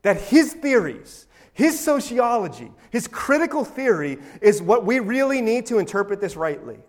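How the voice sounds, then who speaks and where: A man delivers a sermon as pastor, his voice sitting noticeably high for a man. He speaks with emphasis and slips into sarcastic asides. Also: very animated, normal speed.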